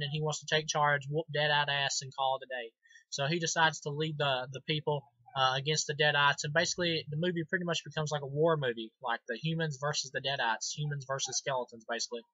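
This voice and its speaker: Bright, eager amateur film reviewer man. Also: a little high, fairly even intonation, fast talker, no room sound, lo-fi sound. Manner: enthusiastic, rambling with many ums and restarts. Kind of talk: casual movie review.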